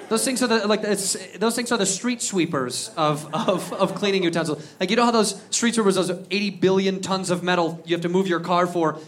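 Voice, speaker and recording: Male comic, high voice, rambling self-deprecating set, noisy room. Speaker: stand-up comedian. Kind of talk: stand-up routine. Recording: live club with clear background noise.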